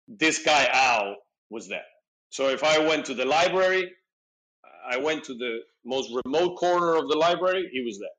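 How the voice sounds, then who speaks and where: A man's voice: mid-range voice, rough recording. A middle-aged man telling a personal story in casual conversation, acting out his own and others' lines with frequent fillers. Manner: animated, acts out dialogue, frequent "you know". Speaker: podcast guest.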